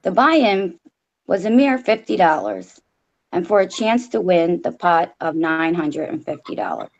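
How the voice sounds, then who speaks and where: A woman's voice: lowish voice, sing-song, unhurried, muffled recording. A woman co-host reading a story aloud in a casual, blunt way, swearing freely.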